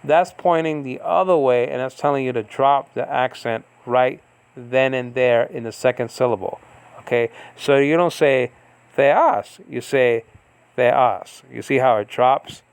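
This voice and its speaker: A man teaching a recorded lesson in a gravelly voice with a smooth, clear core. He explains step by step and fills his pauses with small hesitations. He often checks that his listener is following. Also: mid-range voice, steady tone, no echo. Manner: explains slowly with many fillers and checks. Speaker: Greek language teacher. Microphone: recording on a device he operates.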